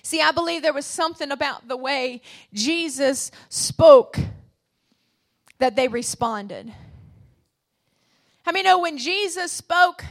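A woman preaching a sermon to a church congregation, asking the room questions and swinging from quiet, low passages to shouted high points. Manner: call-and-response preaching, swinging between soft low passages and shouted peaks.

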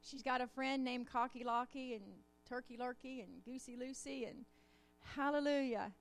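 Woman preacher, high voice, fired up, keeps asking the church to say amen. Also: fairly even intonation, normal speed. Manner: call-and-response, rising fervor. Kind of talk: sermon.

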